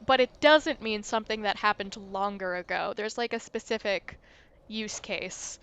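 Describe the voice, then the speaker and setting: A woman's voice: mid-range voice, moderate pace, a bit bright, clean tone. Chatty, self-deprecating woman streamer. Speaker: livestream host. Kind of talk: casual let's-play chat.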